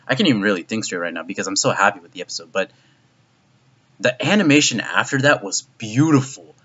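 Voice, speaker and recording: A man's voice: on the low side, animated, fast, fairly bright tone, slightly rough. A man casually reviewing an anime episode, rambling with lots of fillers and swearing. His voice jumps up in disbelief. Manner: rambling and profane, heavy use of "like". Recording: dull lo-fi recording.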